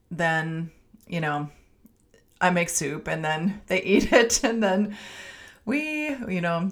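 A middle-aged woman, hosting her own podcast as a family physician and talking in a chatty, homey way with many ums and restarts. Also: on the low side. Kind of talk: casual solo podcast talk.

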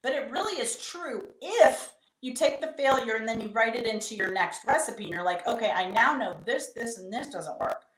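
A middle-aged woman being interviewed, telling candid stories and acting out quoted lines in a lively conversational way. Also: on the high side, normal speed, few pauses, echoey room, rough recording. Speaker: guest, event company founder.

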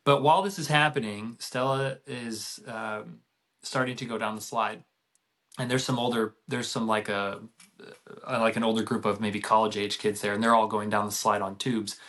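A man's voice: on the low side, fairly even intonation, moderate pace, a bit bright. A middle-aged man, a podcast guest, telling a family story in a casual, rambling way with many restarts.

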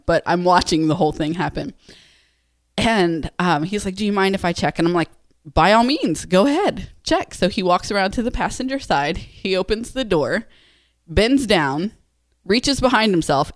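In clean, dry studio sound, a podcast co-host with a fairly low-pitched voice recounts a story over casual chat. She's animated, laughs frequently, and performs other people's quotes.

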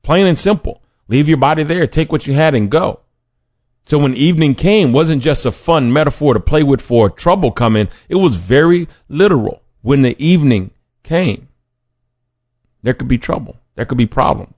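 A man's voice: a little high, animated, normal speed, darkish tone, no room sound. A man preaching a podcast sermon in an earnest, conversational way, often restarting his sentences. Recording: dry, dull lo-fi sound.

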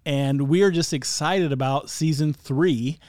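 A man's voice: fairly high pitch, a little slow, darkish tone, no echo, studio quality. A man co-hosting a podcast, chatting in an upbeat, casual way with frequent "uh"s. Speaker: podcast co-host. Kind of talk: casual chat.

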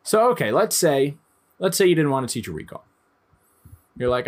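A man in his thirties talks in an easy, conversational way as he teaches dog training, with a voice of ordinary middle pitch. He explains each point through everyday examples and talks straight to the listener. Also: very animated, normal speed. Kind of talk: instructional talk.

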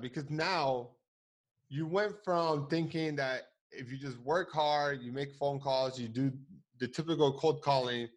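A man hosting an interview, asking long, eager, leading questions. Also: medium pitch. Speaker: podcast host. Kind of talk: casual interview.

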